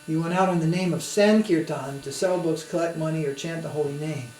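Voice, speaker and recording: A man's voice: fairly high pitch, fairly quick, darkish tone. A man, a swami, giving a spiritual lecture in a conversational storytelling manner, asking his listeners to follow along. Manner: conversational, anecdotal, with tag questions. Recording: roomy with faint hum.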